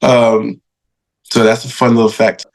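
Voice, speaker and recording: A man in his thirties, a podcast guest, telling stories in a casual, animated way, laughing often and acting out what people said. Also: mid-range voice, a little slow. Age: 30s. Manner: animated, laughing, acts out quoted voices. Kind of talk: casual storytelling interview.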